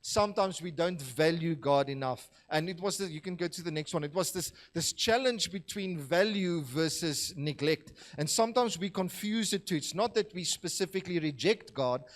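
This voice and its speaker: A man's voice: fairly high pitch, moderate pace, few pauses. A man preaching a sermon in a church, talking conversationally and joking with the congregation. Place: church hall.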